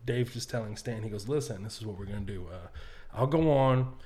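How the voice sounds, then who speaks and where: Comedian guest, male, animated storyteller who swears and acts out voices. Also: lowish voice, fairly quick. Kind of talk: casual podcast storytelling.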